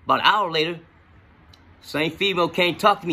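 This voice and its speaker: A man tells a story from his own life, swearing freely and getting animated. His voice sits a little high, with a bright, husky timbre. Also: brisk. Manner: profane, animated, lots of fillers. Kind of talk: casual personal storytelling.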